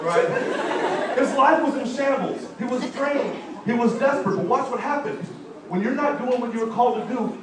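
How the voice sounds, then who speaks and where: High-voiced man giving an animated speech. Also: noisy background. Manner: animated storytelling with audience call-outs. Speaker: motivational speaker. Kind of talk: live motivational speech. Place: large college event hall. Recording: echoey hall, distant mic.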